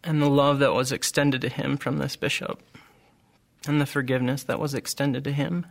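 A middle-aged man with a gravelly, creaky voice tells a personal testimony. He speaks earnestly and haltingly, often pausing and restarting his sentences. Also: medium pitch, steady tone. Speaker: group member sharing testimony.

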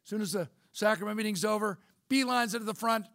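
Man, middle-aged, folksy storyteller, gravelly, high-ish voice. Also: fast talker, fairly bright tone, no echo, studio quality. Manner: folksy, conversational. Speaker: speaker, former bishop. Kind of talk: storytelling talk.

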